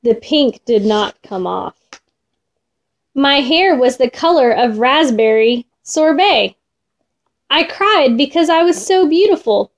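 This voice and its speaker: A woman reading a children's storybook aloud in an expressive, gentle way. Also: high-pitched, slow.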